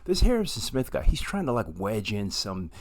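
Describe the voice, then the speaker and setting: A man casually reviewing a movie to camera, animated and excitable, swinging between loud bursts and quiet asides. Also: medium pitch, moderate pace.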